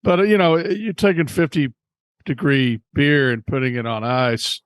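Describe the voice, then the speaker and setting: A man's voice: fairly high pitch, expressive, normal speed, no room sound. A man co-hosting a homebrewing podcast, explaining things and telling stories in easygoing, casual chat. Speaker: podcast co-host.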